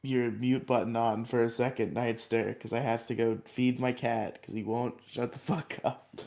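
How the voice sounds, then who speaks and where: This podcast co-host has a mid-range, creaky voice and talks a bit slowly. He's animated as he recaps episodes, breaking into frequent laughter and performing characters' lines.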